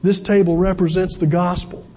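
A man's voice: high-pitched, little pitch movement, normal speed, mellow. A man preaching a sermon as pastor, talking conversationally with asides and repeated words. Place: church sanctuary. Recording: long hall reverb.

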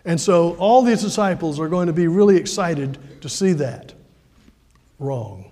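Male pastor, high mellow voice, chatty sermon in a reverberant church. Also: expressive, a little slow. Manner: conversational preaching with frequent fillers and restarts.

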